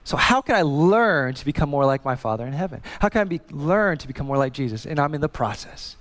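A man in his thirties preaching a sermon as a pastor, telling a family story in a lively way and often repeating and restarting words. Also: on the high side, fast, long reverb tail.

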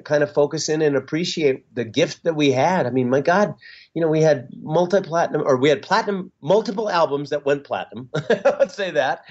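A middle-aged man, a musician being interviewed, talking in a halting, reflective way with many fillers and restarts. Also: fairly high pitch, darkish tone. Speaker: musician guest. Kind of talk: casual interview talk. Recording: dull lo-fi sound.

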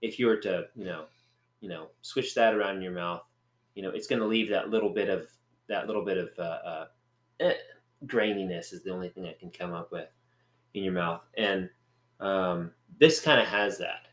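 A man's voice: deep voice, normal speed, fairly bright tone, roomy sound. A man co-hosting a podcast, chatting in a rambling, joking, playful way. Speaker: podcast co-host. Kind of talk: casual chat.

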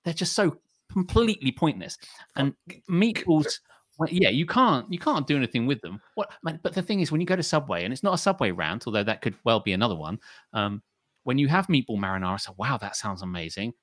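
A man's voice: mid-range voice, a little fast, no echo. A man co-hosting a casual chat show, ranting with lots of swearing. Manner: ranting, profane, animated. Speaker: podcast co-host.

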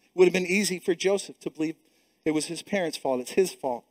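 High-voiced emphatic man preaching. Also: fast talker, a little mellow, dry recording. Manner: emphatic, repeats words, many restarts. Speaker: pastor. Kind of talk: sermon.

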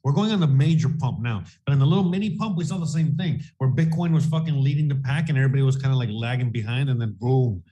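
A man's voice: mid-range voice, fast talker, hardly any pauses, dark tone. A man co-hosting a casual crypto livestream, rambling and swearing, full of "you know what I mean.".

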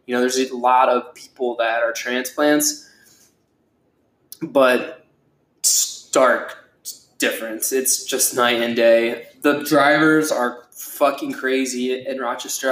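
A man's voice: medium pitch, steady tone, takes it slowly, fairly bright tone. Young man, casual solo podcast, rambling, profane, filler-heavy, echoey room. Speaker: podcast host.

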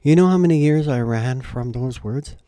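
A man's voice: moderate pace, dark tone, dry recording, studio quality. An older man telling a heartfelt story in an interview, earnest and rising in feeling at the big moments. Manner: earnest, heartfelt, climbs in pitch and volume at emotional peaks. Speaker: guest storyteller and musician.

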